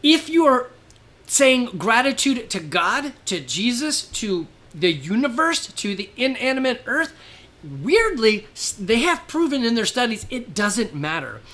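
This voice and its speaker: Animated storytelling man, bright voice. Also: very high-pitched, measured pace. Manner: storytelling, animated, laughs often. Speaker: podcast host. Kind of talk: casual presentation.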